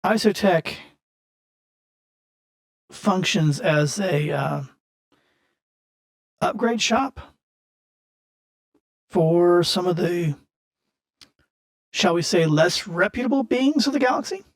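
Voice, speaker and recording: Man playing a shady salvage-yard boss: smooth, businesslike, persuasive, slow over key words, tabletop game NPC. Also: sits high, animated, voice pushed up, full character voice. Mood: smooth pitch.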